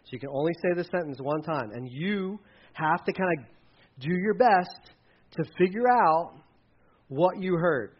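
Male pastor, slightly high pitch, conversational sermon, muffled lo-fi mic. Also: lively intonation, breathy edge. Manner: conversational, repeats words, quick asides. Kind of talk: sermon with children's object lesson. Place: church stage. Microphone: handheld or headset mic.

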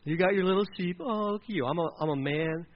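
A man's voice: high voice, normal speed, dry recording. A male preacher voicing a scornful older brother, a young soldier who mocks and belittles, on a dull lo-fi recording. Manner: mocking, belittling.

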